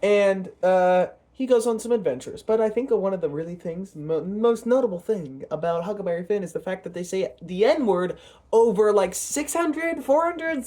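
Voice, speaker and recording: A young man hosting his own channel chats casually at home in a vlog commentary, rambling and hesitant with lots of fillers and restarts. His voice sits high and has a warm tone.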